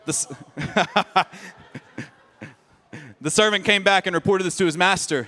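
A male pastor preaching a lively sermon, joking and sarcastic, often repeating words. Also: sits high, a little slow. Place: church sanctuary. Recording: long reverb of a church hall.

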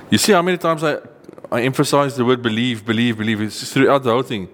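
Earnest preacher man with echoing reverb. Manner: earnest, emphatic, rises in pitch on key points, slows to read verses. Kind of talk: sermon teaching with scripture reading.

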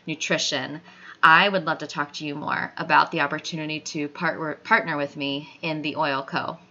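A woman speaking as an earnest motivational host, talking straight to you in a bright, forceful voice with a slightly low pitch. The recording sounds dull and lo-fi. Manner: earnest, encouraging, talks straight to the listener. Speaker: podcast host. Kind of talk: motivational monologue. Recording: dull lo-fi audio.

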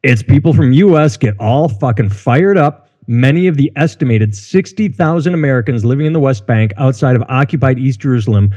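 Male podcast co-host, warm low-key tone, blunt and profane, dull lo-fi recording. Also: lively intonation, a little fast, few pauses. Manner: blunt, profane, reads articles aloud. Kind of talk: casual podcast banter. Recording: dull, lo-fi mic.

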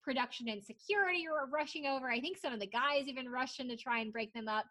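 A woman's voice: sits high, fast. A young woman co-hosting a casual podcast, telling a reality TV story with lots of swearing and acted-out quotes. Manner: animated storytelling, swears freely, acts out quotes. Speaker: podcast co-host. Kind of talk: casual chat recapping reality TV.

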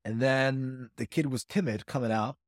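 A man's voice: normal speed, no room sound, studio quality. A man telling a story in casual podcast chat, who acts out what others said. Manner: animated, acts out quotes in higher voices. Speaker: podcast co-host, judo coach.

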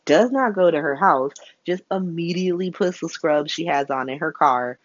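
A woman giving a casual, profane recap of soap opera episodes, sassy and animated, laughing often and acting out the characters' lines. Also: sits low, normal speed, no echo, muffled recording.

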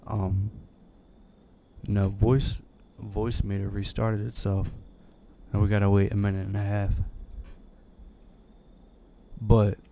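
A young man co-hosting a podcast, telling a long, rambling story in a relaxed way with lots of fillers. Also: on the low side, unhurried, slight background noise. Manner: rambling, laid-back anecdote with many fillers. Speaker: podcast co-host. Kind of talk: casual storytelling chat.

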